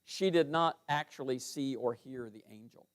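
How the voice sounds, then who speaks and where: A man's voice: medium pitch, normal speed. A middle-aged man teaching through a Bible passage verse by verse, reading scripture aloud with rising emphasis.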